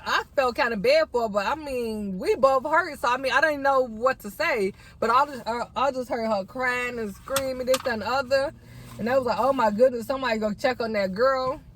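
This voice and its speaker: A woman's voice: high-pitched, fairly quick, a bit bright, a little hiss or hum. Chatty young woman telling a story. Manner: chatty, addresses viewers as y'all. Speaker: vlogger. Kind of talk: storytime mukbang chat.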